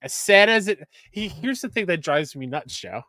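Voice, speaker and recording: A man's voice: sits high, sing-song, moderate pace, sharp tone, dry recording, clean studio sound. A man hosting a casual gaming podcast, talking emphatically and sounding exasperated. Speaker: podcast host.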